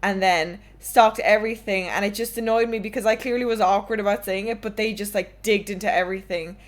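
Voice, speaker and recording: A woman's voice: mid-range voice, fairly even intonation, brisk. A young woman in her twenties, streamer and podcast host, chatting casually and candidly and telling stories with swearing. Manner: candid, swearing, storytelling with laughs.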